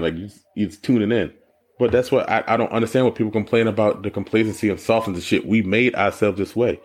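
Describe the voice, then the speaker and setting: A man co-hosting a podcast in casual chat, telling stories with lots of profanity and jumping high when he mocks people. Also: a little fast, slightly rough. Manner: animated storytelling, profane, jumps high when mocking. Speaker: podcast co-host.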